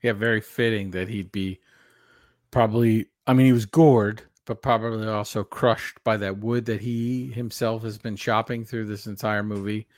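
A man's voice: fairly low pitch, fairly even intonation, normal speed, no echo, clean studio sound. A man co-hosting a podcast, chatting thoughtfully and adding background details with plenty of fillers. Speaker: podcast co-host. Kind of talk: casual podcast discussion.

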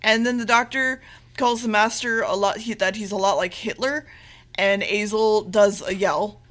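Bright-voiced woman recapping casually. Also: mid-range voice, steady tone, normal speed. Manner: rambling, swears freely, acts out quotes in a loose offhand way. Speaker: podcast co-host.

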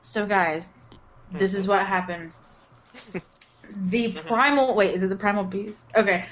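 A woman's voice: mid-range voice, steady tone, measured pace, low-quality recording. A woman playing a tabletop role-playing game, joking and laughing with her group. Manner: playful, laughs often. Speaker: player. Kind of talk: casual tabletop game chat, in and out of character.

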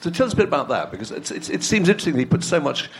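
Lively-voiced man interviewer. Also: on the high side, rapid-fire. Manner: hesitant, restarting questions. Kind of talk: interview questions.

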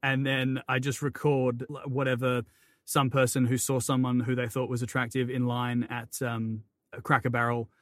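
A man who narrates audiobooks, chatting as a podcast guest with quick, self-deprecating wit. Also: medium pitch, flat delivery, no room sound, clean studio sound. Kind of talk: casual chat.

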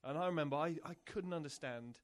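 A man's voice: on the high side, fast. A man who coaches soccer, a guest on a podcast interview, explaining his ideas in a casual way, often repeating words as he thinks.

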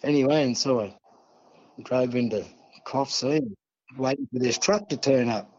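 A man's voice: medium pitch, unhurried, a little mellow, muffled recording. A man from Australia with an Australian accent, a podcast guest telling a long story in a rambling, chatty way and swearing freely. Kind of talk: casual storytelling.

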